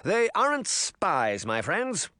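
A man voicing a smug, smooth-talking adult prince in an audiobook, assured and commanding. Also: sits high, wildly swooping pitch, slow, sharp tone, no echo, studio quality, voice pushed up, heavily acted. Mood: placating. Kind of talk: audiobook character voice.

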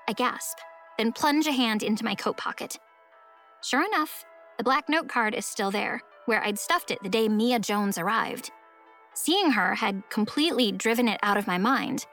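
A woman narrating a first-person story in a wry, expressive way. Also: fairly high pitch, normal speed, faint music behind. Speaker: audiobook narrator.

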